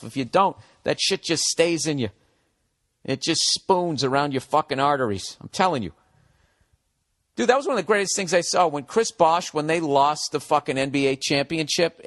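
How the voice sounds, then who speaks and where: A man's voice: a little high, fairly bright tone. A middle-aged man ranting on a comedy podcast, profane and sarcastic as he reads and answers a listener's letter. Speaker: podcast host.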